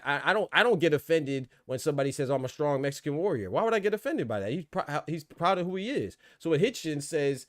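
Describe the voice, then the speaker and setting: A man hosting a boxing podcast, talking fast in casual debate and repeating words as he thinks. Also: fairly high pitch, no room sound, studio quality.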